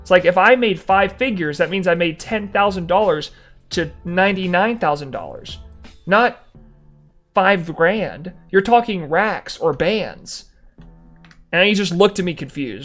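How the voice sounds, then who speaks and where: Young guy streamer, pretty high voice, animated and sarcastic, faint music in the back. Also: measured pace. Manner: animated storyteller, dry sarcasm. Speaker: live streamer. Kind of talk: casual chat to stream viewers.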